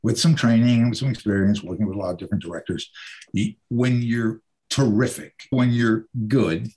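An older man, an actor, telling casual anecdotes about his stage career in an animated way. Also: fairly low pitch, brisk. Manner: animated anecdotes, mimics the people he quotes. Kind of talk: casual conversational storytelling.

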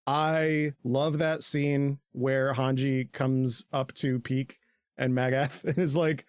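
A man co-hosting a podcast, recapping an anime in casual, profane chat, laughing often and jumping into squeaky character voices. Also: level tone, slow, smooth, dry recording, studio quality.

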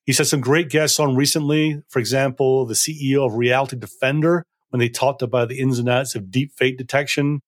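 A middle-aged man from Scotland with a Scottish American accent, hosting a solo podcast, talking fast and at times mumbling. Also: medium pitch, fairly even intonation. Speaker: podcast host. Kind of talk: solo podcast talk and book reading.

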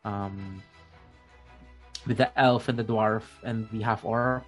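A man narrating a tabletop game as game master, in a rambling, halting way with many fillers. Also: on the low side, steady tone, soft background music.

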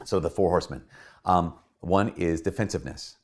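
A man, a priest, giving a casual teaching talk in a conversational, animated way. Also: low-pitched, normal speed. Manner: conversational, animated, acts out quoted voices. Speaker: Catholic priest.

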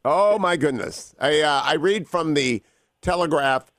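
A man hosting a radio talk show, opening with booming, theatrical greetings and interviewing his guest. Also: a little slow, fairly bright tone, dry recording.

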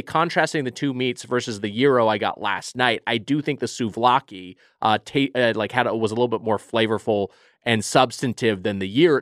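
A man's voice: medium pitch, fairly bright tone, no room sound, studio quality. A man co-hosting a podcast, reviewing food in a casual, rambling, profane chat. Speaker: podcast co-host.

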